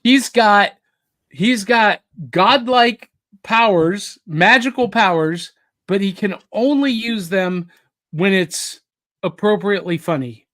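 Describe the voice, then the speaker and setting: A man hosting a podcast, telling stories in a measured, conversational way. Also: sits high, fairly bright tone. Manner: measured, storytelling. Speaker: podcast host. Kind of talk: casual chat.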